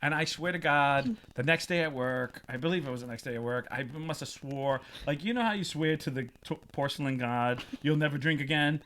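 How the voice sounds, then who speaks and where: Podcast host, male, high bright voice, wildly animated storyteller who keeps laughing and acting out voices. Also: fairly quick, few pauses, slight background noise. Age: adult, past twenties. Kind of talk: casual comic storytelling.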